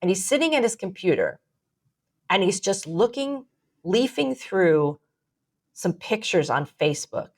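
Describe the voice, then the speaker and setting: A woman co-hosting a podcast, telling a long story in casual chat, animated and rambling, swearing freely. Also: medium pitch, measured pace, long pauses. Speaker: podcast co-host.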